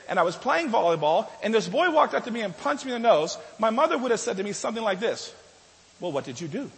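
A man preaches to his congregation in a high, light voice. He talks conversationally, restarts his sentences and swings from loud to soft. The sound carries a long reverb from the hall. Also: creaky. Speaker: pastor. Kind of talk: sermon.

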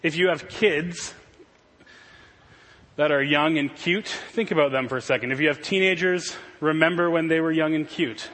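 A man in his thirties delivers a sermon in a conversational, earnest manner, with a somewhat raised pitch. His voice has a husky edge. The sound carries the long reverb of a large hall. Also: moderate pace, a bit bright. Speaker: pastor.

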